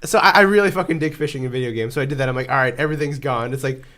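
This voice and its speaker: A man's voice: mid-range voice, very fast, fairly bright tone. A man co-hosting a podcast in casual chat, candid and blunt, swearing freely and stumbling over restarts. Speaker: podcast co-host.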